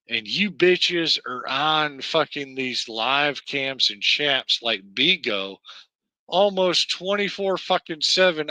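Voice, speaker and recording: A man's voice: on the high side, sharp tone, no room sound. A man with a Southern American accent hosting a livestream, ranting at length in a profane, rambling way full of fillers and restarts. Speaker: livestream host.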